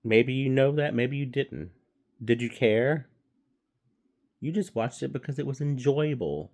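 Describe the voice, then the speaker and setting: A man's voice: mid-range voice, unhurried, a little mellow. A man giving a casual, rambling movie review, swearing freely and stumbling through fillers and restarts.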